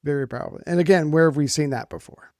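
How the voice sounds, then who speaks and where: A man's voice: a little high, quick pace, a little mellow, no echo, clean studio sound. A man co-hosting a history podcast who talks bluntly and jokes, with casual swearing. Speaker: podcast co-host.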